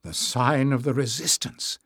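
A man's voice: mid-range voice, fairly even intonation, measured pace, vocal fry, a bit bright, breathy edge, no echo, studio quality, full character voice. A man voicing an injured young man who mumbles and speaks under his breath. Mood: hushed. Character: young man, hurt and determined.

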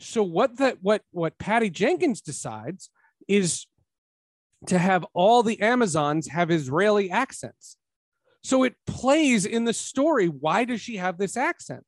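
A man's voice: high-pitched, measured pace, no room sound. A man hosts a casual podcast review, his slightly raised voice climbing as he drives home emphatic points. The sound is dry and close, with little room around it. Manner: animated, rising to emphatic points. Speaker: podcast host. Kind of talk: casual film review chat.

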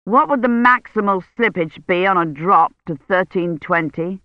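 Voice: medium pitch, moderate pace, no echo, close to an everyday voice. A reader voicing an older male academic who presses urgently for help. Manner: urgent, persuasive. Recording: dull lo-fi sound.

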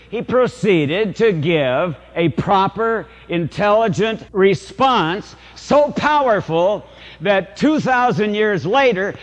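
Older priest giving a sermon, tells stories, asks the folks questions, bit high voice, muffled old recording. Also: male voice, big-room sound. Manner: storytelling, confessional, rhetorical questions to the congregation.

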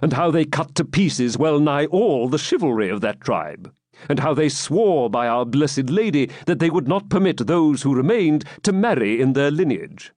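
A man voicing a calm, pleasure-loving medieval knight who speaks coolly and evenly. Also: on the high side, dry recording, studio quality. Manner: calm and cool, measured.

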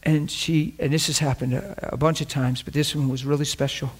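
A man's voice: a little high, fairly even intonation, a little fast, slightly rough. A middle-aged man preaching a sermon, telling a story and acting out the dialogue.

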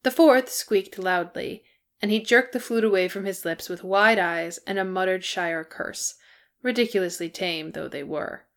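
A woman narrating a storybook chapter in an even, measured way. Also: mid-range voice. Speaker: fan fiction reader. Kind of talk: storybook reading.

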